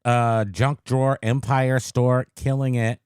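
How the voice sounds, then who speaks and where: A man co-hosting a podcast in casual chat, sleepy and joking in a deadpan way. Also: medium pitch, takes it slowly, background noise. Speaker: podcast co-host.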